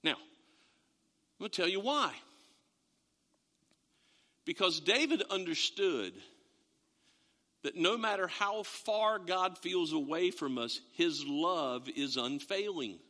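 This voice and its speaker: A man's voice: sits high, animated, slow, long pauses, sharp tone, in a large hall. A man preaching a sermon, telling a story and stressing the quoted verses with rising emphasis.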